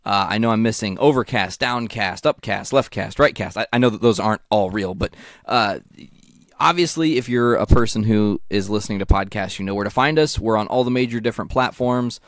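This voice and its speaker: A man with a low voice plugs the podcast network in a loose, joking way. He talks casually, as if to a friend. His voice sounds dry and close to the mic. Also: fairly quick, no room sound. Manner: jokey, rambling plug for the network. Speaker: podcast co-host. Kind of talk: casual chat.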